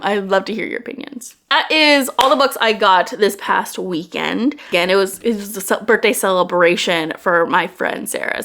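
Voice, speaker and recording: A young adult woman chatting casually in a book vlog, talkative and quick to rant and swear when worked up. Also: medium pitch, a bit bright. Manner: chatty, swears freely, gets worked up and ranting. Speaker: book vlogger.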